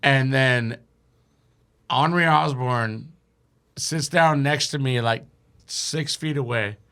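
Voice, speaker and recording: A man's voice: mid-range voice, takes it slowly, sharp tone, smooth. A man telling a rambling, profane story as a guest on a podcast, laughing along as he goes. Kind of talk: casual storytelling.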